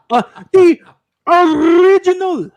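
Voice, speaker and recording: A man's voice: extremely high pitch, drawn-out words, darkish tone, dull audio. A man moderating a holiday movie bracket in a casual podcast chat, announcing in a mock-formal, regal manner. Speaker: tournament moderator, self-styled lord.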